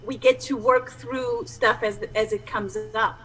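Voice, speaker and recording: A woman guest with a high, bright voice that swings widely. She speaks slowly, often laughing as she agrees with the host. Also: fairly even intonation, slight background noise, poor audio. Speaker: interview guest.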